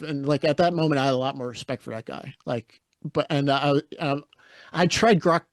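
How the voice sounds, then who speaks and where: Speaking at a normal speed in a fairly high voice, a man co-hosts a podcast, telling stories and chatting casually with blunt opinions. The sound is clean studio audio with no echo.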